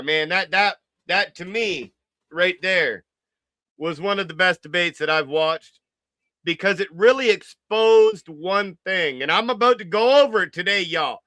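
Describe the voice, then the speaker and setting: Hyped high-voiced man hosting a talk show. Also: sharp tone, no echo, clean studio sound. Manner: hyped, repeats words, sings along and teases. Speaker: apologetics show host. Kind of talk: excited casual commentary.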